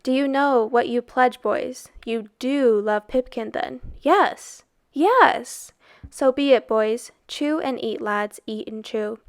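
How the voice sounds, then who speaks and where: A woman's voice: on the high side, steady tone, a little slow, hardly any pauses, a little mellow, smooth. Woman reading as a solemn, coaxing old stranger.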